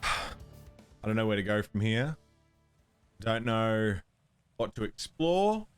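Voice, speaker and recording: A man's voice: on the low side, very animated, takes it slowly, clear, resonant tone. A man thinking aloud as he streams a puzzle game, muttering and counting under his breath. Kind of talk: casual gameplay commentary. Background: game music.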